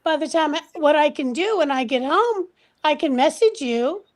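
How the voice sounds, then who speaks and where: A woman's voice: high voice, expressive, moderate pace. An older woman hosting a casual live chat stream, chatty and teasing, laughing often.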